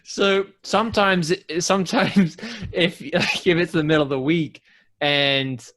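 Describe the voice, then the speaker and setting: A man's voice: fairly high pitch, steady tone, a little slow, fairly bright tone. A man co-hosting a casual podcast, rambling through a story and laughing often. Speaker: podcast co-host.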